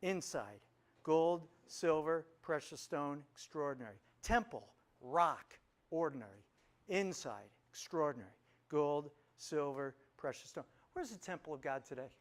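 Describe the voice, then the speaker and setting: An animated male preacher with a fairly high voice delivers a sermon full of emphasis. He hammers home his key phrases by repeating them, swinging between loud bursts and hushed, quiet asides. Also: measured pace. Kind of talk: lively sermon. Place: church service on Kauai.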